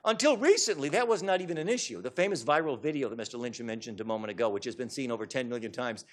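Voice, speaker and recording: An author gives a public talk to an audience, lecturing fast and with animated conviction. His voice sits at an ordinary middle pitch, and he puts plenty of emphasis on his words.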